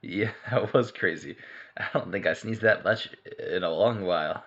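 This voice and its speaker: A man voicing a young male hedgehog hero, worn out from sneezing, with a hoarse, laughing delivery on a dull mic. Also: fairly low pitch, moderate pace, a bit bright.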